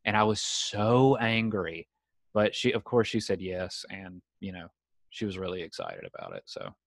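A young man with a low voice hosts a podcast over a video call. He tells stories in a loose, animated way and acts out the voices of the people in them. The sound is dry and close. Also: normal speed, creaky, dry recording. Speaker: podcast host. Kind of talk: casual storytelling chat.

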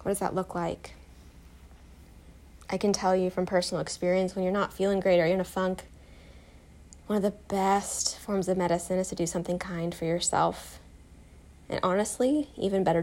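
A woman guiding a self-compassion meditation, soft, calm and encouraging, telling a short personal story. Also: on the low side. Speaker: meditation guide.

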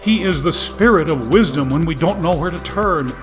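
A man's voice: fairly high pitch, expressive, normal speed, music in the background, voice pushed up, natural voice. A man voicing a tearful male TV preacher who pleads fervently with his flock. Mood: preaching. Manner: preachy, rising fervor, pleading.

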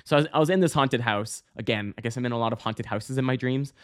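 Male podcast host, mid-pitched, rambling casual storyteller, swears freely, yelps high when acting out scenes. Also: fast. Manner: rambling, many fillers and restarts, swearing.

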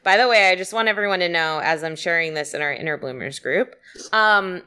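A young woman co-hosting a casual podcast, with a bright voice that still sits fairly low. Her speech is crisp and smooth. She chats in a bubbly, quick way and giggles easily. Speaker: podcast co-host.

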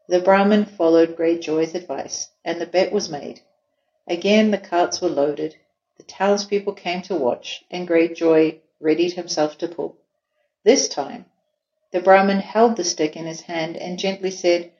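A woman hosting and slowly reading a children's story aloud in a gentle way. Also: on the low side, fairly even intonation. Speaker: storyteller host. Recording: echoey room, dull lo-fi sound.

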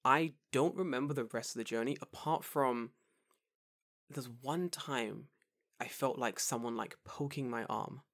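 A Londoner with a medium-pitched voice and measured pace casually recounts travel stories. He's animated, acts out the dialogue of the people he met, and swears freely.

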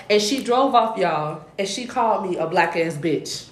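Animated woman telling a heated story. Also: medium pitch, normal speed. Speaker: podcast co-host. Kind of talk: casual chat. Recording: roomy echo with faint hiss.

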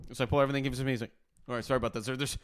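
A man's voice: mid-range voice, steady tone, rapid-fire, clear, resonant tone. A young man co-hosting a casual podcast, telling stories animatedly, acting out quotes and swearing freely. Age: young adult. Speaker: podcast co-host. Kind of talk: casual chat.

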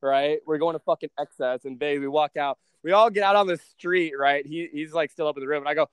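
Young guy podcast host, cocky and cussing nonstop, slightly high voice. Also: a little fast, clear, resonant tone, dry recording. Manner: brash, heavy swearing, calls listener bro and dude. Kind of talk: casual storytelling chat.

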